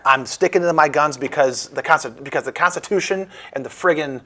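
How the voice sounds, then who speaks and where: A man's voice: on the high side, fairly quick, pushed and bright. A man with a Midwestern American accent hosting a casual political talk show, joking and rambling as he speaks.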